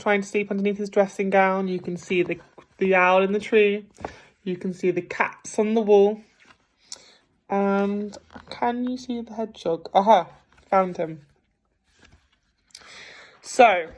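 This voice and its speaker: A woman teacher reading a picture book aloud to children at a gentle pace, pausing to ask them questions. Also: medium pitch. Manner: gentle, slow, asks the listeners questions. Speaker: primary school teacher. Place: home.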